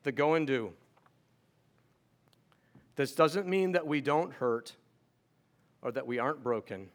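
A middle-aged man preaching a sermon as pastor, earnest and pleading, often restarting words in quick repeats. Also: medium pitch, lively intonation.

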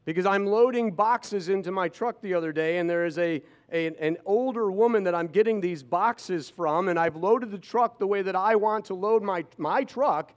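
A man in his fifties shares personal stories with an audience, tossing in sarcastic asides. His voice is high, and he talks at a moderate pace with few pauses.

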